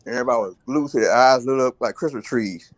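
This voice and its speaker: A man's voice: mid-range voice, no echo. Guy rambling through a story on a live chat, lots of restarts, dry close sound. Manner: rambling, halting, many restarts. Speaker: regular chat participant.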